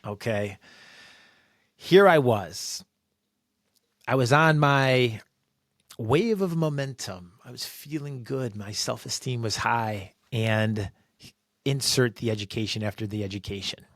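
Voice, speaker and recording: A man sharing a workplace story as a podcast guest, animated and acting out quoted voices. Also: mid-range voice, slow pace, pauses often, dry recording, studio quality. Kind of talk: personal storytelling.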